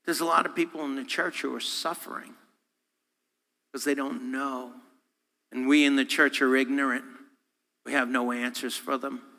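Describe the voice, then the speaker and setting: A man, a guest speaker, preaching a sermon with animated, humorous delivery, acting out voices and quotes. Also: mid-range voice, normal speed, creaky, pauses often. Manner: humorous, self-deprecating. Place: church sanctuary. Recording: long hall reverb.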